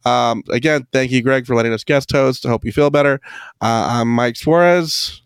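A man guest-hosting a podcast, wrapping up the show in a relaxed way with plenty of "uh" and "um". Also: mid-range voice, smooth, no room sound, studio quality. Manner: relaxed, halting with filler words. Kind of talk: casual show wrap-up.

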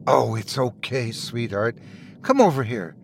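A man voicing an elderly wife, speaking softly and with affectionate teasing. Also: mid-range voice, big pitch swings, slow pace, slight background noise. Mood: gentle.

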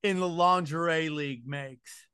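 Man, high voice, wisecracking, casual chat, dry close sound. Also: fairly even intonation, unhurried, pushed and bright, clean tone, dry recording. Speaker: podcast co-host.

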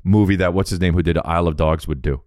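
A man's voice: deep voice, quick pace, no room sound, clean studio sound. A man co-hosting a podcast, bantering in a casual comedic way, swearing freely, laughing often and slipping into silly voices. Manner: animated, profane, laughs often, does voices. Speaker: podcast co-host.

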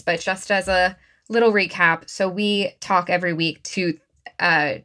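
A woman hosting a podcast in casual chat, effusive and quick to laugh. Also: on the low side, sharp tone. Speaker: podcast host.

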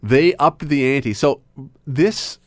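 A man's voice: on the high side, animated, takes it slowly, dry recording. Chatty male radio host, dry studio sound. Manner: chatty, playful, laughs often. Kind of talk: casual radio talk. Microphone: studio microphone.

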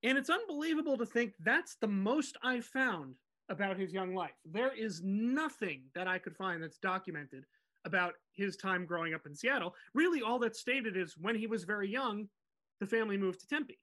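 Bright, high-voiced chatty man. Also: normal speed. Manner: animated, chatty, laughs easily. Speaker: podcast host telling the story. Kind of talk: casual storytelling chat.

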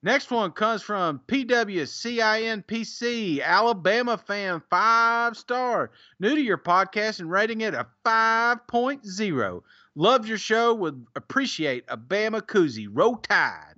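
Man, high voice, bright, casual podcast co-host, teasing, reading reviews, dull dry recording. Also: expressive, a little slow, no room sound. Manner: laughs often, teasing.

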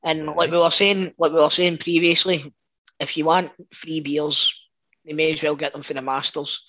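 A man's voice: fairly high pitch, level tone, normal speed, sharp tone. A man in a casual football chat, blunt, sweary and enthusiastic. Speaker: co-host.

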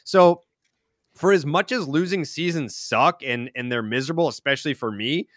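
A man's voice: fairly high pitch, moderate pace, a bit bright, dry recording, studio quality. A man in his thirties, a podcast guest in casual chat, rambling and leaning on filler words. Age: 30s. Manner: rambling, heavy use of "like" filler.

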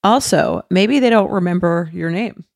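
A woman co-hosting a casual talk show, easygoing and quick to agree. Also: lowish voice, gravelly, darkish tone, dry recording, clean studio sound. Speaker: podcast co-host. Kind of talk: casual chat.

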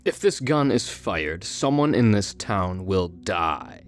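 A man's voice: low voice, big pitch swings, takes it slowly, full character voice. An actor playing a sinister, giggling carnival showman in an audio drama, speaking in a gleeful, teasing way.

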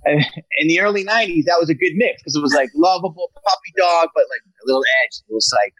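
Animated male comedian telling stories. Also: a little high, fast talker, dry recording, muffled recording. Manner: animated storyteller, slips into character voices. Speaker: guest comedian. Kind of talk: casual podcast chat.

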